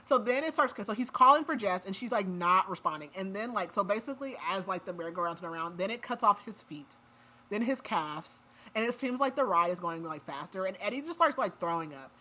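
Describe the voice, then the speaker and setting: A woman's voice: mid-range voice, lively intonation, brisk, sharp tone. A woman recapping a book plot on a podcast in a casual, chatty way, with lots of "like" fillers. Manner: chatty retelling full of "like" fillers. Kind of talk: casual chat.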